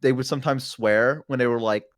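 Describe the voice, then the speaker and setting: A guest on a chat stream, telling stories in a casual, animated way and acting out other people's voices. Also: mid-range voice, brisk, no room sound. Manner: animated storyteller who acts out children's voices.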